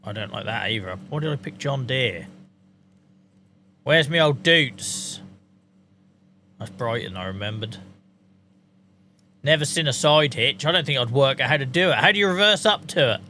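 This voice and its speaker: Bright-voiced jokey man. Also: medium pitch, expressive, fairly quick, slight background noise. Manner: jokey, swears freely, talks to chat. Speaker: streamer. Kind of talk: casual gameplay commentary.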